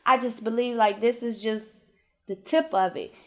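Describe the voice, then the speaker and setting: A woman with a notably high voice recounts her faith testimony in a relaxed interview. She talks colloquially and emphatically, acting out the voices in her conversations. Her delivery climbs into lively exclamations. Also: moderate pace. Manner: animated storyteller who acts out dialogue with God and her kids.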